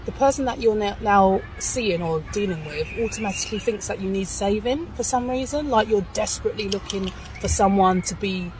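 A woman speaking as a single mum in a casual clip, firm and assertive but stumbling over restarts. Her pitch is medium, with faint noise around her. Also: a little fast, few pauses, a little mellow, rough recording.

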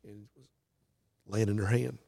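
Gravelly-voiced preacher telling a story. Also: male voice, lowish voice, fairly even intonation, normal speed, dark tone. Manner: earnest, folksy. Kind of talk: dramatic storytelling testimony.

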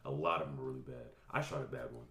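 A man co-hosting a casual podcast, playful and quick to laugh. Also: rumbling low, gravelly, a bit bright. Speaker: podcast co-host. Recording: echoey room.

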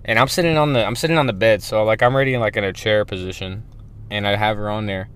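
A man's voice: on the low side, quick pace, a crowd in the background. A man in his twenties telling a story in casual podcast chat, rambling and swearing freely. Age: 20s. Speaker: podcast co-host.

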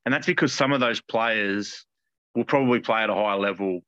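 A blunt, opinionated Australian man co-hosts a podcast. His voice is low. The recording is dry and a little muffled, without much treble. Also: a little fast, fairly bright tone, no room sound. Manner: blunt, opinionated, says mate a lot. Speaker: podcast co-host. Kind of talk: casual chat.

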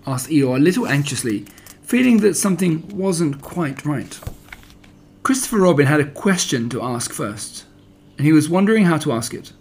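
A man narrating a children's storybook in a gentle, even storytelling manner. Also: a little high, normal speed, slightly rough.

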